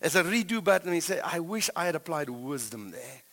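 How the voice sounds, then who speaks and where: A middle-aged man with a South African accent, preaching a sermon as a pastor in animated storytelling, swinging between loud and hushed. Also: a little high, brisk, big-room sound.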